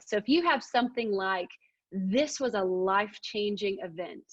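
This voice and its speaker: A woman's voice: medium pitch, dry recording, dull audio. Emphatic woman teaching speech. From Arkansas. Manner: energetic, emphatic, demonstrates vocal techniques. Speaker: presentation skills trainer. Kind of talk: webinar training talk.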